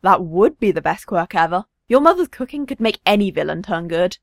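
A woman voicing a blunt, dismissive father in a storybook reading, speaking lower and quieter. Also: sing-song, brisk, vocal fry, dry recording, studio quality.

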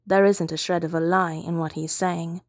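A woman reading fiction aloud as narrator, with calm, steady storytelling. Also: lowish voice, normal speed, no echo, clean studio sound.

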